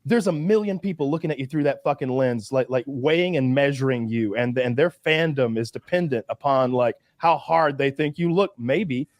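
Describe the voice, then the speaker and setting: A man's voice: medium pitch, normal speed, few pauses, no echo. A man hosting a podcast, telling long, rambling stories in casual chat and swearing freely. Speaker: podcast host.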